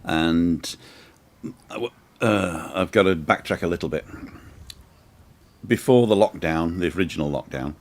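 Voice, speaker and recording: Deep-voiced man telling stories. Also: measured pace, pauses often, darkish tone. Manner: chatty, rambling anecdotes with asides. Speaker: host. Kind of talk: casual storytelling on a live show. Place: outdoor balcony in the sun.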